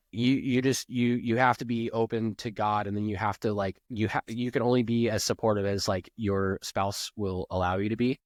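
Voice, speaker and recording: A man's voice: lowish voice, no echo, studio quality. A man speaking as a podcast guest, rambling earnestly and filling his sentences with "like". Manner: rambling, earnest, heavy use of "like", restarts. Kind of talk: podcast interview.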